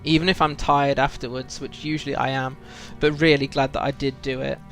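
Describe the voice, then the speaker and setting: A man's voice: mid-range voice, flat delivery, a little fast, fairly bright tone, faint music behind. A British man streaming a video game, chatting reflectively with viewers, full of ums and restarts. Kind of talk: casual live-stream chat while playing.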